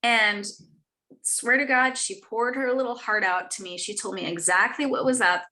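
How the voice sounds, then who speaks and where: A woman's voice: on the high side, moderate pace, pushed and bright. A woman in her thirties or forties, an author chatting earnestly on a live stream, with many fillers and restarts. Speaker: author guest. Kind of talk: casual live chat.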